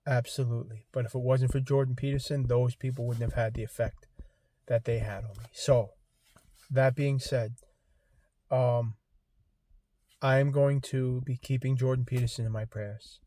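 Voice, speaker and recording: A man in his fifties, making a heartfelt vlog appeal to his viewers, halting and choked up, fighting back tears. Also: mid-range voice, steady tone, mellow, dry recording. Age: 50s. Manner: halting, many ums and restarts. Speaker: vlogger. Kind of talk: emotional personal vlog appeal.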